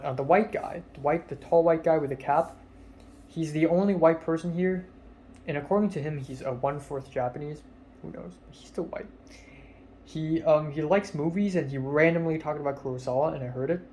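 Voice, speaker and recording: A nineteen-year-old film student, his voice fairly high and a little mellow, rambles through a casual vlog story about a social outing. He uses plenty of fillers and quoted dialogue, with slight background noise behind him.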